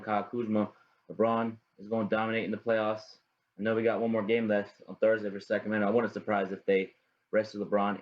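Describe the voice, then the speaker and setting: A man's voice: on the low side, a little mellow. A young man hosting his own sports podcast, rambling casually, often repeating "you know what I mean" and greeting viewers by name. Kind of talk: casual solo sports talk. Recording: dull lo-fi home recording.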